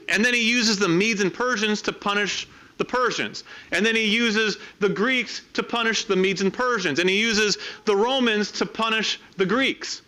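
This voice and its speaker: A middle-aged man preaching a sermon, explaining scripture in a measured, teaching way and reading verses aloud. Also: high-pitched, sharp tone.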